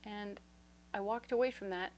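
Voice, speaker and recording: A woman's voice: medium pitch, steady tone, normal speed, dull audio, a little hiss or hum. A woman giving a casual tarot reading, chatty and reassuring, checking in with her listeners as she talks. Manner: storytelling with acted-out voices. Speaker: tarot reader.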